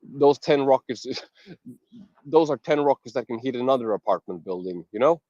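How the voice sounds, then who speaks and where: A man's voice: mid-range voice, expressive, normal speed, a little mellow, no room sound. Indignant male caller on a dull line. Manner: emotional, indignant, searching for words. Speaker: caller in a live audio space. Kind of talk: impassioned comment.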